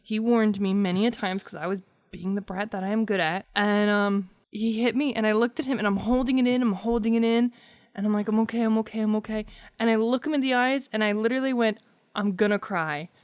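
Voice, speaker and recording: A woman co-hosting a casual podcast, telling stories with giggles and animated swings. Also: medium pitch, fairly quick, clean tone, no room sound, clean studio sound. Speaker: podcast co-host.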